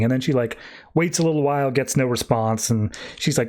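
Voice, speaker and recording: A man's voice: mid-range voice, very animated, a little fast, darkish tone. Wry, offhand man recapping comics. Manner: offhand, wry, swears casually. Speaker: podcast host.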